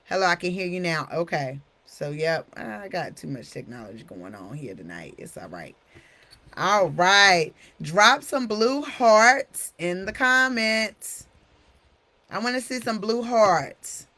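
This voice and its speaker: A woman's voice: fairly low pitch, sing-song, takes it slowly, pushed and bright. A woman hosting a live stream talk, chatty and familiar, calling her viewers honey. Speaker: host.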